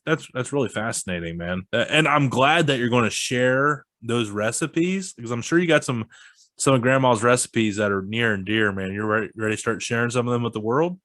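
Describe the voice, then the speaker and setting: A man's voice: mid-range voice, a bit bright, no room sound. A man from the Midwest hosting a casual podcast chat, rambling and laughing often. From American Midwest. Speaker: podcast host.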